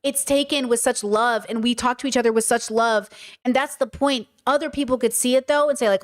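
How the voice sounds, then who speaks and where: A young adult woman hosting a podcast, talking in an animated, casual monologue that swears freely and mimics people in quick asides. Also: on the high side. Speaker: podcast host.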